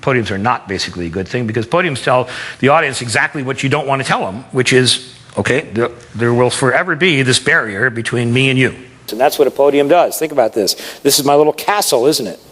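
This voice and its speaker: A man coaching an audience on presenting, talking in a lively, conversational way and stressing words to make his points. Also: medium pitch, fast, big-room sound. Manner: animated, conversational, demonstrates with emphasis. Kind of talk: live seminar talk.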